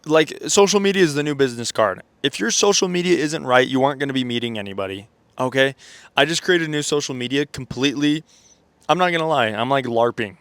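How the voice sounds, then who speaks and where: A man's voice: mid-range voice, fast, fairly bright tone, dry recording. A man with stuffy sinuses giving a casual motivational vlog monologue, rambling with lots of fillers and self-corrections and checking in with "okay?" and "right?". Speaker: self-improvement content creator.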